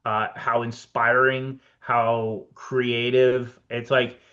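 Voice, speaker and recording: A man in a casual podcast interview tells stories in a lively way, often acting out what each person said. His voice sits at an ordinary middle pitch. The recording is slightly dull and lo-fi. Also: slow. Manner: animated anecdotes, reenacts conversations with "I'm like". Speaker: guest, production designer.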